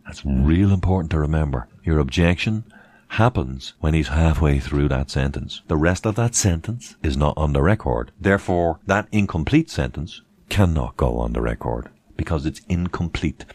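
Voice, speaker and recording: A man's voice: rumbling low, expressive, normal speed, darkish tone. A man talking through legal advice in a casual, emphatic monologue, repeating points and adding mocking asides. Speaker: presenter giving legal advice.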